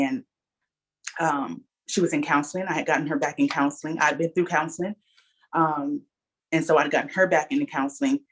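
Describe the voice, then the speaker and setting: A middle-aged woman gives an earnest personal testimony, speaking straight to her listeners and calling them y'all. Her voice is husky and gravelly, with a rough edge of vocal fry. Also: low voice. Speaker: guest speaker sharing testimony.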